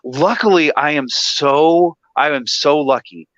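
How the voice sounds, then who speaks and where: Man, energetic, excitable, bright tense voice, slightly high, dull dry lo-fi sound. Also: a little slow, no room sound. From Michigan. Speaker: guest. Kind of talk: casual chat, storytelling.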